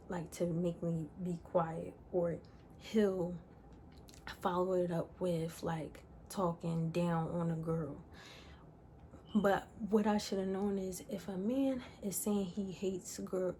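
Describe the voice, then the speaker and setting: A woman's voice: on the low side, dark tone, a little hiss or hum. A young woman telling a personal story in a casual, candid way, rambling with lots of "like" fillers. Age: young adult. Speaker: vlogger.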